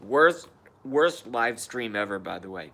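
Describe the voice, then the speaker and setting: A man's voice: fairly low pitch, sing-song, a little slow, gravelly, bright, forceful tone. A man casually chatting on a live stream, grumbling and cursing at himself. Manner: profane, self-deprecating grumbling. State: hiccups.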